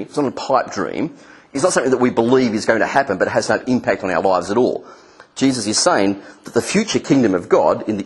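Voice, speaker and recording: A man preaching with a husky, slightly breathy voice at an everyday middle pitch. He coaxes his listeners through a hands-on exercise, then acts out angry voices with sudden leaps in pitch. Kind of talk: sermon.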